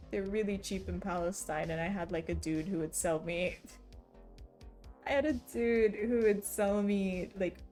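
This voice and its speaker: A woman's voice: mid-range voice, darkish tone. A young woman chatting casually on a live stream, answering her chat and laughing often between remarks. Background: faint background music.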